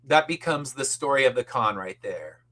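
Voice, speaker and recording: A man's voice: mid-range voice, animated, normal speed, a bit bright. A middle-aged man, a podcast guest, telling a story in casual chat and acting out the people he quotes, with casual swearing.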